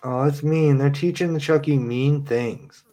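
A man's voice: a little high, a little slow, mellow. A young man in casual chat with friends, swearing loosely and laughing often. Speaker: gamer chatting with friends.

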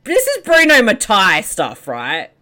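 A woman chatting casually with friends while watching a movie, loud, laughing and swearing at the screen. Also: mid-range voice, huge pitch swings, measured pace. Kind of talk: casual group chat over a movie.

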